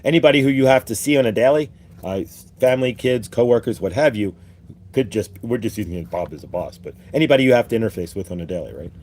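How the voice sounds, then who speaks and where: A man who hosts a spiritual show, chatting casually after a channeling in a halting, hesitant way. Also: mid-range voice, animated, a little mellow. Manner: halting, hesitant, with many fillers and restarts. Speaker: host and channeler. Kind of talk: casual chat.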